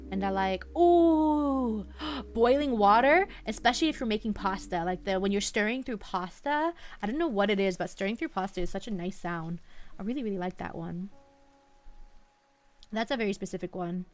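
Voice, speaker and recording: Young female streamer, gentle low-key delivery, mid-pitched, soft music bed behind. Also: brisk. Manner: soft-spoken, mumbling, drifting thoughts. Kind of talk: relaxed live-stream chat. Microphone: headphones half off, desk mic.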